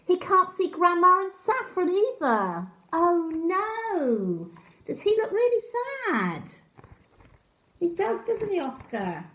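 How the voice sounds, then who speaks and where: A woman storyteller reading a picture book aloud to young children, gently asking them questions. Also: very high voice, sing-song, slow pace, lo-fi sound. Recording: roomy echo.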